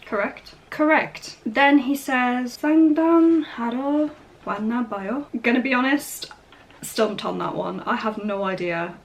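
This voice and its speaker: Chatty young woman learner vlogging. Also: a little high. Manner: chatty, laughs often, sounds out words slowly. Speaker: vlog host learning Korean. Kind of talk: casual explaining of phrases and line-reading.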